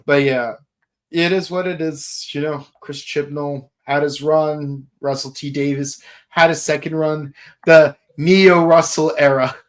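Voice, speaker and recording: A man's voice: on the high side, fairly even intonation, unhurried. A man co-hosting a podcast in casual chat, rambling and joking with lots of restarts and fillers. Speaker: podcast co-host.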